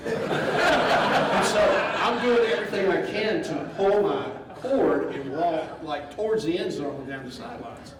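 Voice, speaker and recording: A man, a former player and assistant coach, telling an animated story on a panel and laughing as he goes. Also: on the high side, unhurried, a crowd in the background. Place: event hall with an audience. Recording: echoey room from far off with noise.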